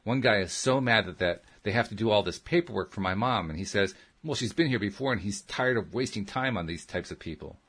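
A man's voice: on the low side, fairly quick, hardly any pauses, fairly bright tone, husky. A man reading a first-person story aloud as an audiobook narrator, in a plain, earnest storytelling manner.

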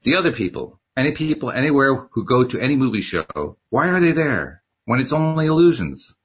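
A man voicing a calm, teasing male mystic teacher in a novel read aloud, speaking in patient, probing questions. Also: mid-range voice, fairly quick, slightly rough, pitched above the performer's own voice.

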